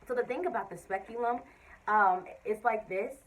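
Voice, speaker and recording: A young woman, telling an expressive story-time vlog and acting out what people said. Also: a little high, normal speed, far from the mic, low-quality recording. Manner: animated, expressive storytelling with quoted voices. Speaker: vlogger.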